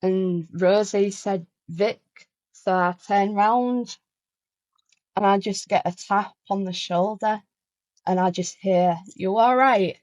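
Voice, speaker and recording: A woman's voice: medium pitch, fairly even intonation, slow pace, darkish tone, no room sound, low-quality recording. A woman, a guest musician chatting casually in an interview, telling a story with lots of "like" and restarts.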